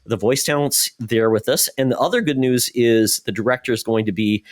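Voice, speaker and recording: Male podcast co-host, casual chat, relaxed and joking, mid-pitched voice. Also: fairly quick.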